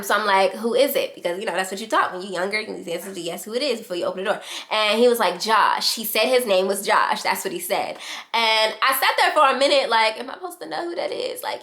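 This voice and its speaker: A young adult woman vlogger telling a casual storytime in a fast, animated way, acting out the quotes. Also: medium pitch. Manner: fast-talking, animated retelling with quoted voices.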